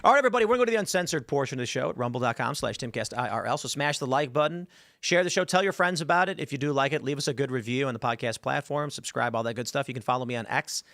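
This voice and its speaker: A man hosting a talk show, talking fast and telling animated stories full of quoted voices. His voice is mid-pitched and sits in a dry, close-miked room. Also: dry recording. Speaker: host. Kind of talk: casual panel talk show.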